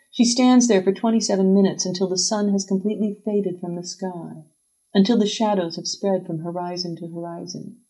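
A woman reading a literary story aloud as a scripted narration, measured and even. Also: lowish voice, rough recording.

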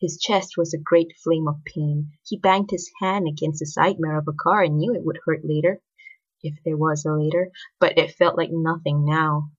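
A woman narrating a story in an expressive, scripted reading. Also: deep voice, normal speed, slightly rough. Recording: dull lo-fi recording.

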